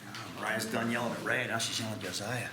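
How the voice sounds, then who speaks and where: A man's voice: fairly low pitch, fairly even intonation, quick pace, heavy background noise. A man teaching a math class, joking and poking fun at himself as he works through problems with students. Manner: joking, self-deprecating. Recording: echoey classroom.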